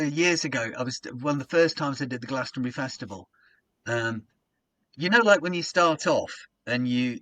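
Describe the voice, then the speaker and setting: Lively man telling a story. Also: mid-range voice, no room sound. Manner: animated storyteller who acts out his own stage patter. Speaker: podcast guest, comedian. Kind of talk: casual anecdote telling.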